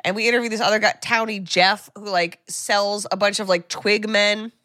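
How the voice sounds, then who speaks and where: A woman co-hosting a podcast, casually recapping a movie with animated retellings and lots of "like.". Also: medium pitch, normal speed, no room sound, clean studio sound. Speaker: podcast co-host.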